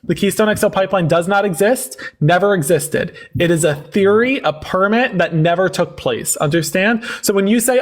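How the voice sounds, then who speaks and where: A man's voice: high-pitched, normal speed, hardly any pauses. A man hosting a live-stream debate, sarcastic and laughing often as he lectures callers with facts.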